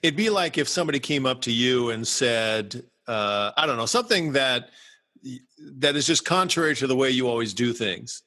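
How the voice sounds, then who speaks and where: A man's voice: medium pitch, lively intonation, moderate pace, sharp tone. A man co-hosting a podcast in casual chat, asking questions and playing devil's advocate. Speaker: podcast co-host.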